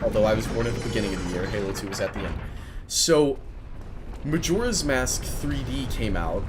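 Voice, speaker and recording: Young man, twenties, casual gameplay commentary, chatty rambling storyteller, loud sudden reactions, faint hum behind. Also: mid-range voice. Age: 20s. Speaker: gaming video creator.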